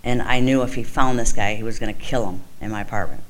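A woman's voice: extremely low pitch, fast, slight background noise, low-quality recording. A woman telling her own recovery story in a frank, conversational way, with lots of "you know" and "like". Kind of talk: candid personal testimony.

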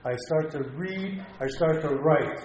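Middle-aged guy sharing his story at a recovery meeting, kinda high voice, echoey room w faint background hum. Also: a little slow, a little mellow. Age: middle-aged or older. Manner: heartfelt, rambling, repeats himself, rises to pleading. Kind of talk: personal recovery share.

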